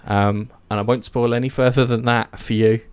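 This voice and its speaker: A man's voice: mid-range voice, flat delivery, moderate pace, darkish tone, smooth, no room sound. A man chatting casually and eagerly about a series, rambling with many fillers and restarts. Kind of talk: casual chat.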